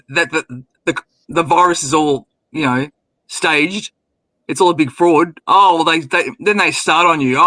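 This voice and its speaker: High, bright storyteller. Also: male voice, dry recording, rough recording. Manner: animated storyteller, laughs at his own stories. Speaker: guest. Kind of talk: casual group chat.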